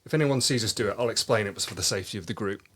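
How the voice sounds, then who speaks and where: A man's voice: on the low side, very fast, a bit bright, husky. A man acting as game master, narrating a tabletop game dramatically. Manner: dramatic, storytelling. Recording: noisy podcast recording.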